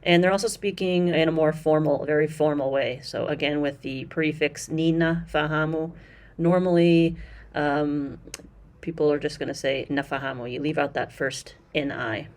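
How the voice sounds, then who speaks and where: A woman with a notably low voice talks through a language course, pausing often with ums and starting her sentences over. Her delivery is loose and conversational, like an informal review. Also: fairly even intonation, darkish tone. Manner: chatty, explanatory, with frequent fillers and restarts. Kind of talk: casual review commentary.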